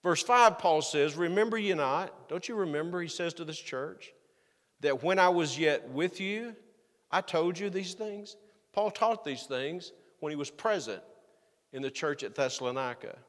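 A man's voice: a little high, expressive, normal speed. A man preaching an expository sermon as pastor, reading scripture aloud and then explaining it plainly, with frequent restarts. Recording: long hall reverb.

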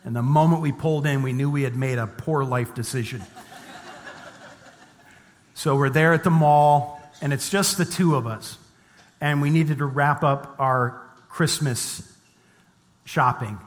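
A man's voice: mid-range voice, a little slow, long pauses. A middle-aged man preaching a sermon as a pastor, mixing scripture reading with conversational, humorous personal stories. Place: church sanctuary. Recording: long reverb of a church hall.

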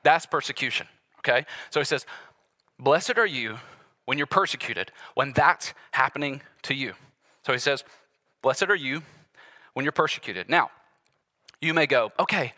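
A man in his thirties preaching a sermon as a pastor, telling family stories in a relaxed, conversational way and acting out the quotes. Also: mid-range voice, moderate pace, long pauses.

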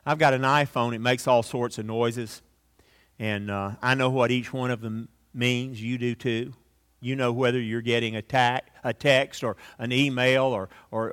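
A middle-aged male pastor delivering a sermon with emphatic rises and soft, hushed drops. His voice sits at an everyday male pitch. He closes by leading a prayer. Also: moderate pace. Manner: emphatic preaching that swings from loud peaks to hushed, near-whispered prayer.

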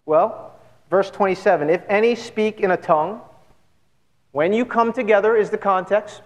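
A man's voice: high voice, normal speed. A man pastor giving an earnest, conversational sermon full of rhetorical questions to his church. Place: church sanctuary. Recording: long church hall reverb.

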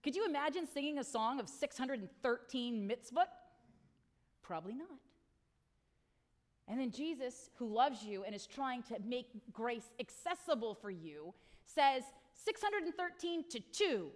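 A middle-aged woman pastor preaching a sermon, telling stories with animated, acted-out lines. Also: high-pitched, unhurried. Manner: animated storytelling, acts out people's lines.

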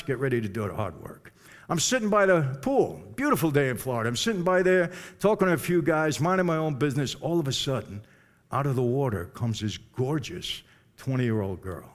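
An older man telling a personal testimony to an audience, in a conversational way with direct asides to the listeners. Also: fairly high pitch. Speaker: speaker giving a personal testimony. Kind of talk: storytelling to a live audience.

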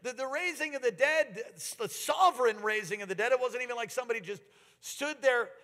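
High-ish voiced guy preaching, storytelling, gets loud and excited, big echoey hall. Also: a little fast. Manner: animated storytelling, rising to excited outbursts. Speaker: pastor. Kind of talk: sermon.

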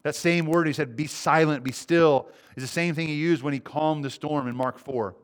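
A man's voice: fairly high pitch, brisk. Earnest preaching man. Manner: earnest, swings between loud urgency and quiet intensity. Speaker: pastor. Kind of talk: sermon.

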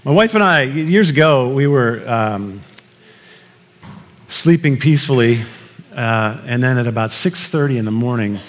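A pastor giving a conversational sermon, telling stories with many fillers and restarts. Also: male voice, mid-range voice, expressive, moderate pace. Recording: long reverb of a large hall.

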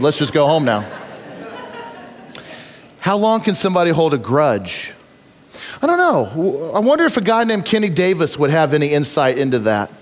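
A man preaching a sermon, telling stories with lively acted-out voices and asides to the congregation. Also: sits high, in a large hall. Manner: animated storytelling with acted-out voices. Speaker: pastor.

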